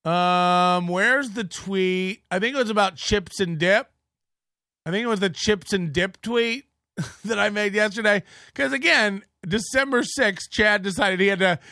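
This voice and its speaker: A man's voice: high-pitched, pushed and bright, no room sound, clean studio sound. A middle-aged man hosting an online show, ranting in sarcastic, profane commentary and muttering while he scrolls through posts.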